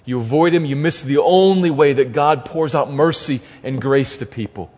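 A man's voice: mid-range voice, moderate pace, a little mellow. A man preaching an expository sermon as pastor, emphatic and repeating key phrases for stress. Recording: long reverb of a large hall.

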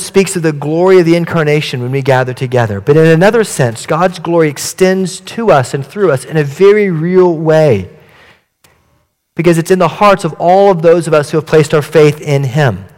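A male pastor giving an earnest, measured sermon in a church. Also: a little high, big-room sound.

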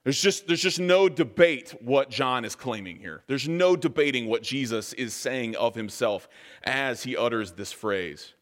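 A man preaching a sermon as pastor, measured and deliberate, slowing down to weigh key phrases. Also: mid-range voice, expressive. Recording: long reverb of a large hall.

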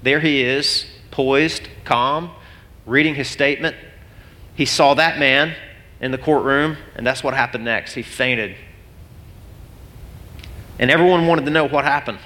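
A man gives a sermon as pastor, in a bright, forceful voice at a middling pitch. His earnest storytelling carries a long reverb from a large hall. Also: a little slow, long pauses. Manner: earnest storytelling, turns emotional and laughs it off.

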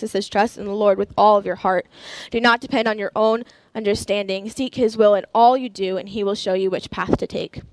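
An earnest young woman preaching to a group, weaving her own experiences in with scripture she reads aloud. Her voice sits at a middling pitch and is recorded dry and close, with no room sound. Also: no echo. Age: young adult. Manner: earnest, personal testimony with scripture reading. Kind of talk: sermon.

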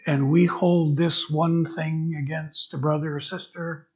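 A man preaching a sermon as a transitional pastor, his voice husky and pitched a little high. He stumbles and repeats words as he works toward each point. The recording is dull and lo-fi. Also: level tone. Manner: halting, repeats words while searching for phrasing. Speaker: interim pastor.

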